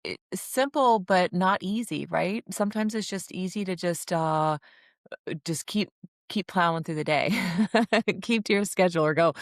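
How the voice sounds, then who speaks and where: A woman's voice: lowish voice, moderate pace, no echo, clean studio sound. A woman hosting a podcast, talking in a loose, hesitant conversational way with frequent fillers. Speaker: podcast host.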